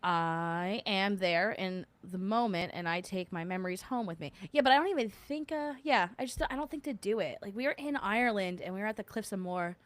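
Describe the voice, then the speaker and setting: A woman's voice: mid-range voice, a little fast, hardly any pauses, no room sound. A woman in her thirties hosting a casual lunch-break chat, rambling and laughing with many likes and fillers. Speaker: podcast host.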